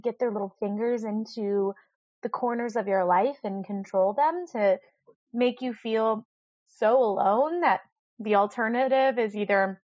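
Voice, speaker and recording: A woman's voice: medium pitch, a little mellow, no room sound. A woman hosting a conversation, reflecting on what she hears in a supportive, explanatory way. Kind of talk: casual conversation. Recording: dry, dull lo-fi sound.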